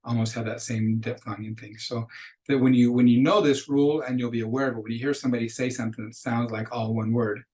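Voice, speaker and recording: A man teaching a beginner language lesson, speaking in an even, mid-pitched voice. He explains things patiently and slows right down whenever he models a word for students. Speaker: Spanish teacher. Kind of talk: recorded lecture.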